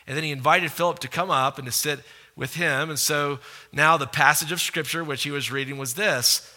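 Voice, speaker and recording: A male pastor preaching a sermon in an animated, conversational way, often asking the audience questions. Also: on the high side, fairly quick. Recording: echoey hall reverb.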